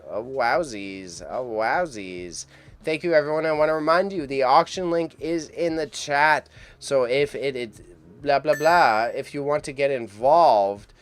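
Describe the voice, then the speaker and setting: Chatty stuffy-nosed man hosting a stream. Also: medium pitch. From Canada. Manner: chatty, rambling, laughs often, stumbles over names. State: congested, stuffy nose. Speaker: live stream host reacting to an auction. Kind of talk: casual live stream commentary.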